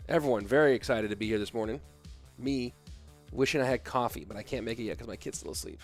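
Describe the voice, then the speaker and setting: A man's voice: mid-range voice, fast talker, soft background music. A tired man in his thirties casting an esports match on a live stream, chatting casually and reading viewer comments aloud between plays. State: sleepy. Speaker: esports caster.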